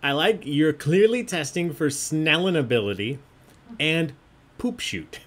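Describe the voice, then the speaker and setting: A man's voice: fairly high pitch, animated, measured pace. A man hosting an online trivia game, chatty and jokey, often laughing as he reads out answers. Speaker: trivia host.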